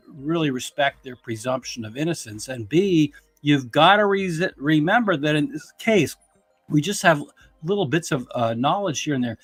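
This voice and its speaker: A man's voice: mid-range voice, fairly bright tone, no room sound. Blunt, emphatic man with dry sound. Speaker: guest commentator, attorney. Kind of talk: casual podcast discussion.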